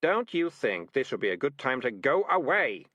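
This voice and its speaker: A man's voice: medium pitch, big pitch swings, a bit bright, no room sound, muffled recording. A man voicing a clever, scheming streetwise tomcat who talks his way out of trouble. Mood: shifty. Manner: smooth-talking, fast excuses.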